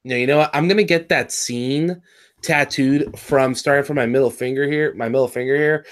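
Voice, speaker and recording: A man from California with a Californian accent, co-hosting a casual review chat, rambling and excitable with lots of fillers and restarts. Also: medium pitch, moderate pace. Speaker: podcast co-host reviewing a cartoon episode.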